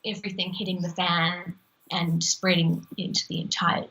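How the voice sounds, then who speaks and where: A woman's voice: on the low side, moderate pace, vocal fry, rough recording. A woman from South Africa, a ventriloquist comedienne, chatting animatedly as an interview guest. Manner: giggly, animated storyteller with frequent laughs. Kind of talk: casual interview chat.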